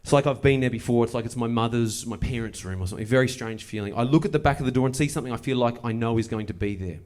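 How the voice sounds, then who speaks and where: A man doing stand-up, telling a story with wry, deadpan delivery and playful asides. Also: medium pitch, racing. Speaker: stand-up comedian. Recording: live show with audible noise. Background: audience laughter.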